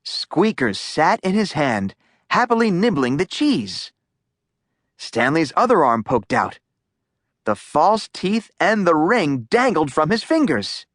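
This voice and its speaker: A woman narrating a children's audiobook in a slow, lively storytelling voice. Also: sits low, no room sound, clean studio sound.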